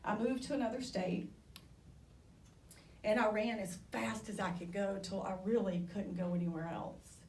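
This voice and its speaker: A woman's voice: medium pitch, steady tone, normal speed, darkish tone, roomy sound, distant mic, a little hiss or hum, rough recording. A woman in her forties giving a candid, conversational personal talk on stage, now and then poking fun at herself. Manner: candid, conversational, self-deprecating. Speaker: speaker. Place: theatre stage.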